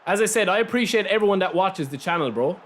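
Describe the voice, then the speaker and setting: An Irish man streaming a football game, talking casually and answering his viewers directly. His voice sits high for a man and swings widely in pitch. He speaks in a loose, conversational way. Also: lively intonation, fast, fairly bright tone. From Ireland. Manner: talks straight to chat, reads out and answers viewers' messages. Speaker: gaming streamer. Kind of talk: casual live-stream chat while playing.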